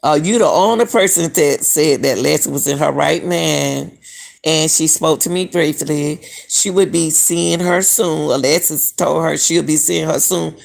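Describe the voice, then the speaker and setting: A woman's voice: low voice, measured pace, vocal fry. A middle-aged woman hosting a casual live-stream, talking to viewers as "y'all" and questioning what she reads. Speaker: commentary channel host.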